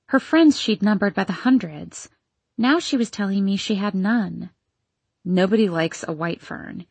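A woman reading a novel aloud in steady scripted narration. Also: mid-range voice, husky, dry recording. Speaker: audiobook narrator.

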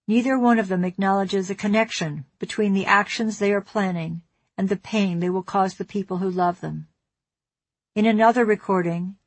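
A woman narrating an audiobook memoir in a measured, somber, reflective way. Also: mid-range voice, no room sound.

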